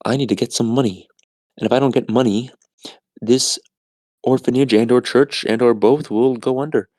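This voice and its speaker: Man doing a stern old nun, raised pitch, doting yet scolding, dry close sound, low-voiced performer stretched upward, retold movie scene. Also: fairly even intonation, normal speed, a little mellow, no echo, close to an everyday voice. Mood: pleading. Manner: scolding, doting then wrathful.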